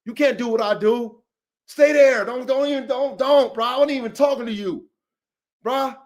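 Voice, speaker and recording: High-voiced man on a heated rant. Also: normal speed. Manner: profane, confrontational, repetitive, calls out names. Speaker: podcast host.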